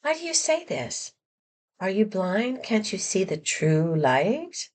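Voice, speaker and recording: A woman's voice: mid-range voice, very animated, takes it slowly, darkish tone. A woman reading a pleading captive spy woman. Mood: indignant. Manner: earnest, pleading. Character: female prisoner and secret spy, pleading and dazed. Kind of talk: read-aloud storybook voice.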